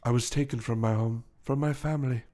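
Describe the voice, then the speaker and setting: A man's voice: mid-range voice, steady tone, a little fast, warm tone, close to an everyday voice. A man voicing a polite, refined male gorilla in a top hat, with an English accent that slides toward cockney. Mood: wistful. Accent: English, drifting toward cockney. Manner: courteous, formal, apologetic.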